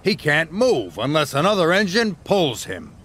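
A man's voice: on the high side, wildly swooping pitch, normal speed, fairly bright tone, a little hiss or hum. A man voicing a big, proud male express engine who talks in a pompous, sniffy way in a children's cartoon.

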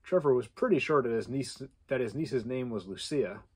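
A man reading a contest story aloud with animated delivery and playful asides. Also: mid-range voice, moderate pace, breathy edge. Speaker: contest entry reader.

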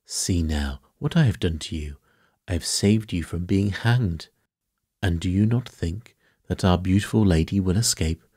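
A man's voice: low-pitched, a little slow, mellow, husky, no room sound, clean studio sound. A man voicing a courteous, fussy elderly detective in a bedtime story reading, speaking formally with mild reproof. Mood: calm. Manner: formal, mildly reproving, polite.

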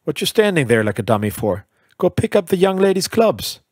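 A man's voice: high-pitched, very animated, fairly quick, darkish tone, no echo, clean studio sound, voice pushed up. Brief: man putting on an impatient caddy master barking orders, storybook reading. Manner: blunt, bossy. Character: gruff impatient adult male caddy master.

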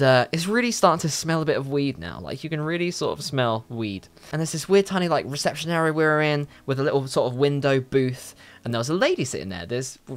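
A young man from telling a story in a casual vlog, animated and full of swearing. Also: mid-range voice. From London. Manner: animated, heavy swearing, quick asides. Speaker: YouTuber.

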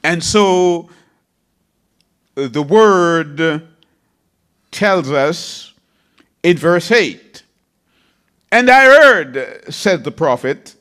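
A man's voice: fairly high pitch, lively intonation, drawn-out words, pauses often, fairly bright tone, clean tone. A man preaching a sermon, reading scripture in a dramatic, emphatic way.

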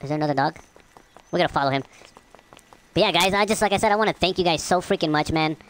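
A woman's voice: lowish voice, quick pace. A woman hosting her own gaming channel, chatting casually and profanely while she plays. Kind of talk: casual gameplay commentary.

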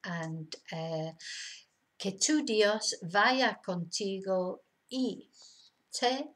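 A woman language teacher speaks to camera in a vocabulary lesson. She works through each word patiently, saying it in both languages. Her pitch sits in the middle for a woman. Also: very slow.

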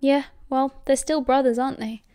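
A British woman voicing an easygoing teenage boy who talks in a relaxed, reassuring way. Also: high voice, moderate pace, clean tone, dry recording, studio quality, lightly acted. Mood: casual.

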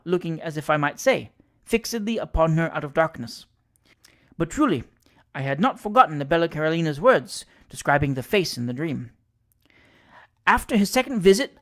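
A reader narrating a classic ghost story aloud in a measured storytelling manner. The voice sits in a middle range. The delivery is steady and unhurried. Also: mid-range voice. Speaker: audiobook reader. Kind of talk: classic fiction read aloud.

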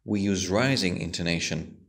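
A man teaches an English lesson, explaining things slowly and patiently. His low voice rises and falls strongly.

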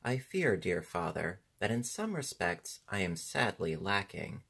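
A man's voice: low-pitched, very animated, a little slow, gravelly, fairly bright tone, slightly rough, exaggerated voice. A man voicing a mild, polite pumpkin-headed man who speaks formally and doubts himself in a storybook reading. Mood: earnest.

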